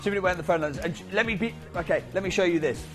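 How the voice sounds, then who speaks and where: Tv shopping guy, higher voice, pushy chatty sales talk, faint music behind. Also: racing. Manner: urgent, chatty, pushes viewers to buy. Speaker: shopping channel presenter. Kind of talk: live TV sales pitch. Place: TV studio.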